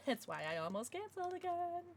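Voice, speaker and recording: A woman's voice: extremely high pitch, sing-song, moderate pace, a little hiss or hum. A young woman streaming casually from home, gushing over gifts and baby-talking to her dogs between chats with viewers. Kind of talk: casual livestream chat.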